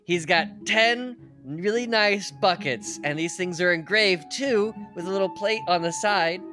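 A man narrating a character's actions in a tabletop game, brisk and descriptive. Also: high voice, over music.

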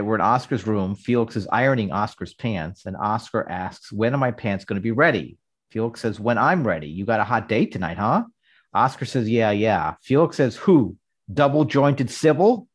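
A man co-hosting a casual podcast, walking through a scene line by line. He reads out each quoted line in a brisk, chatty recap. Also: mid-range voice, lively intonation, husky. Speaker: podcast co-host. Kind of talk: casual chat, recapping an episode.

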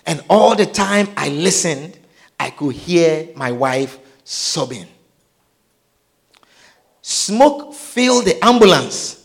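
A man telling a dramatic personal testimony, his delivery swinging between hushed and shouted. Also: high voice, sing-song, slow, creaky.

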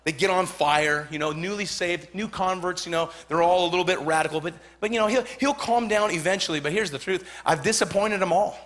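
A pastor in his forties with a Southern Californian accent, preaching a fervent sermon, repeating phrases and building to shouts. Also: sits high, brisk, hardly any pauses. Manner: fervent, repetitive, rising to shouts.

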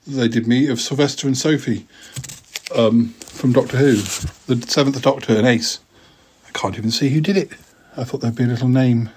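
A man's voice: mid-range voice, a little mellow, slight background noise. A middle-aged man hosting a podcast alone, rambling through old keepsakes with self-deprecating asides. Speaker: podcast host. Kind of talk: casual solo chat, reading old writing aloud.

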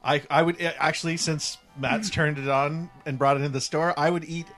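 A man on a casual podcast, chatting with laughs and halting restarts. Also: fairly high pitch, fairly even intonation, fairly bright tone, faint music behind. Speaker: podcast guest. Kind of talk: casual comedic podcast chat.

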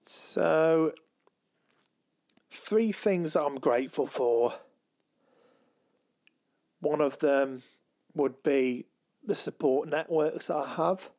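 Man, podcast co-host, slow hesitant casual talker, somewhat high voice. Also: darkish tone. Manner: slow, hesitant, many ums and restarts. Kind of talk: casual chat.

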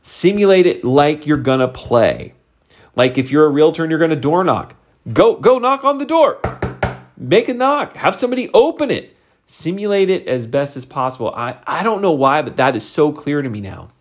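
A middle-aged man giving a motivational talk to his sales team, conversational and animated, leaping up in pitch for emphasis. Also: moderate pace. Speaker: sales team leader and coach.

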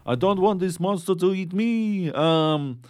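A man's voice: sits high, measured pace, a little mellow, clear, resonant tone, voice pushed up. A man putting on a pleading French soldier. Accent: put-on French. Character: panicked wounded French soldier, adult man.

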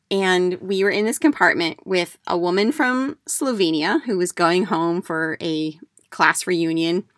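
A woman's voice: fairly low pitch, fairly bright tone, dry recording, clean studio sound. A middle-aged woman from the United States who hosts a podcast, talking casually as a declutter coach in a chatty storytelling way, with fillers and restarts.

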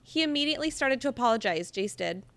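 A woman's voice: on the high side, lively intonation, fast, fairly bright tone, dry recording. A woman hosting a casual chat, reading passages aloud and laughing often between her comments. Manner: giggly, reads excerpts between asides. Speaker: podcast host recapping a book.

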